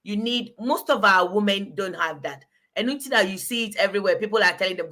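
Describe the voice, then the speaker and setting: A woman's voice: mid-range voice, a little fast, bright, forceful tone. A woman in her forties chatting frankly as host, laughing often and switching languages mid-sentence. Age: 40s. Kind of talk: casual chat.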